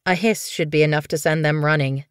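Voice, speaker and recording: A woman voicing a young female cat warrior, gentle but firm and protective, in an audiobook. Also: low-pitched, fairly even intonation, a little fast, clear, resonant tone, no echo, studio quality, natural voice. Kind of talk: audiobook character voice.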